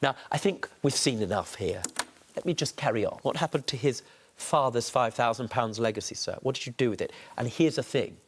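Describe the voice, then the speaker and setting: A man's voice: mid-range voice, fairly quick, a little hiss or hum. A man, a judge on a TV courtroom show, questioning sternly and theatrically.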